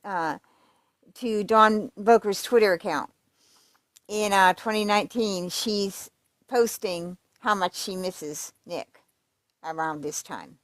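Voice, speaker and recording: A woman's voice: mid-range voice, takes it slowly, no room sound, clean studio sound. A woman giving casual true crime commentary, reading letters aloud in a conversational, emphatic way with fillers and restarts.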